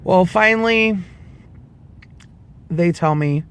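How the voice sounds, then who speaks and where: A man in his twenties telling a personal story to camera in a casual vlog, animated and profane, acting out the people he quotes. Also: high voice, slow pace, clear, resonant tone. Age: 20s. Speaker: vlogger.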